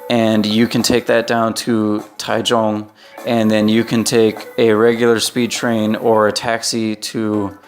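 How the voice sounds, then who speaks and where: Casual American man with soft music. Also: mid-range voice. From United States. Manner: loose and conversational, frequent "right?" tags. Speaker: vlogger. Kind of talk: casual travel recommendations.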